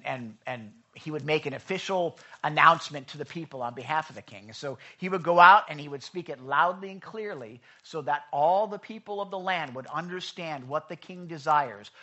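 A man's voice: a little high, sharp tone, lo-fi sound. A man preaching a sermon as a pastor, conversational and emphatic, with asides to the congregation in a church. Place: church sanctuary.

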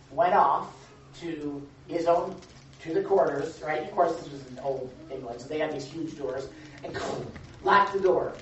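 In an echoey, distant, dull room recording with a bit of hiss or hum, a Bible teacher preaches informally in a fairly high-pitched voice. He dramatizes his stories and keeps checking in with listeners as if in conversation.

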